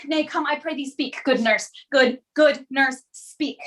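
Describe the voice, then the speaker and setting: A woman's voice: sits high, unhurried, a bit bright. A woman playing an impatient young girl in love who pleads for news, in a stage reading of a classic play. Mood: pleading.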